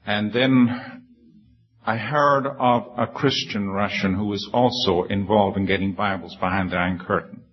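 Earnest low-voiced man preaching. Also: fairly even intonation, measured pace, highs cut off. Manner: earnest, humble, with frequent restarts and emphatic high peaks. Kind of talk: sermon with personal story.

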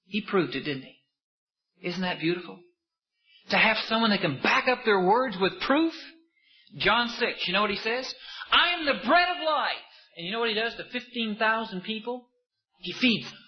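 A man preaching a sermon with impassioned rhetorical questions, swinging between loud emphasis and hushed asides. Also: sits high, lo-fi sound.

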